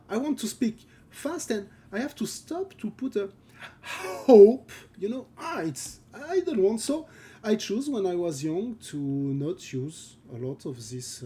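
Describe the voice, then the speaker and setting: Slow, mellow French-accented man. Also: high voice, slightly rough. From France. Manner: halting, searches for words, often laughs. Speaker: concept artist streaming live. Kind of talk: casual chat while drawing on stream.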